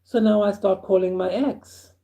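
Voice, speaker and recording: Guy telling his own wild story, chuckly and animated, deep mellow tone with some fry. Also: normal speed. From South Africa. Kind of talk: first-person storytelling.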